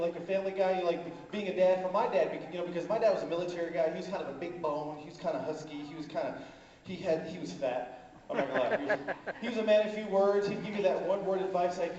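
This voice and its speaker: A high-pitched man does stand-up comedy on a conference stage. He rambles, fills his lines with fillers and pulls the audience in. The sound is a distant, echoey hall recording with a dull, lo-fi edge. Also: quick pace, darkish tone. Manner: rambling, filler-heavy, crowd work.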